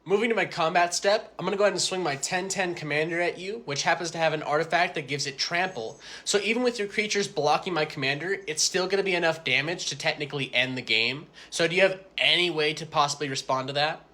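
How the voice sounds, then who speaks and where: A man's voice: on the high side, fast talker, few pauses, sharp tone. A young man acting in comedy skits, blunt and exasperated, swearing casually. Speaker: comedy skit creator. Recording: roomy echo.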